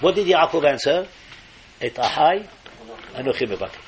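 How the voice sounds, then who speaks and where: Older man, fairly high voice, animated sermon storyteller, emphatic rises, faint hiss behind. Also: moderate pace. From Morocco. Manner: animated, emphatic, mixes in Hebrew phrases. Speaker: speaker giving a religious talk.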